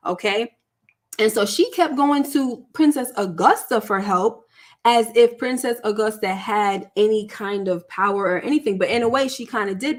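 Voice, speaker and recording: A woman vlogger talking through a TV series recap in a loose, chatty way, full of "like" and "you know" and checking in with "right?". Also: mid-range voice. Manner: chatty, filler-heavy, asks for agreement. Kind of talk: casual TV show recap.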